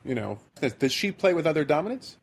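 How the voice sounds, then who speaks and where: A man's voice: fairly high pitch, sing-song, quick pace, gravelly, slight background noise. A man from the American Midwest hosting a podcast, telling a rambling, self-deprecating story in casual chat. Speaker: podcast host.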